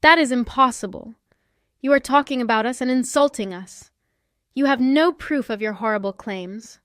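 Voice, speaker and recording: A woman's voice: fairly high pitch, moderate pace, a bit bright, clean tone, no echo, studio quality, close to an everyday voice. Woman reading as a defiant older mother-in-law. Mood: indignant. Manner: indignant, pleading.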